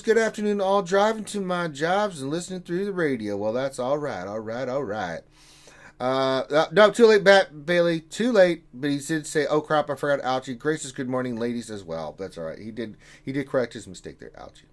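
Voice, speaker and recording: A man's voice: medium pitch, lively intonation, moderate pace. A man hosting a casual gaming livestream, reading out viewer messages with jokey asides. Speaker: stream host reading chat.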